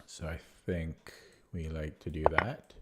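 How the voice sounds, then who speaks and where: A young man streaming chess, thinking his moves out loud, repeating words as he calculates and chatting back to his viewers. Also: very deep voice, steady tone, slow, very noisy. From Canada. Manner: chatty replies to viewer chat. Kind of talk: live-stream chess commentary, thinking aloud.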